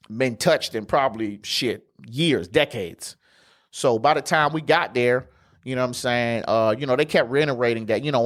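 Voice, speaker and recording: A podcast host with a mid-range, slightly bright voice tells a travel story. It's casual storytelling, loose and slangy, full of profanity and fillers.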